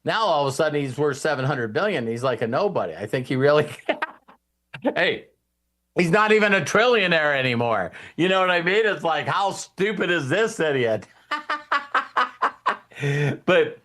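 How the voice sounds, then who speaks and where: Male host with a slightly high voice, rambling and animated casual motivational talk. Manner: rambling, animated, often acts out quoted people.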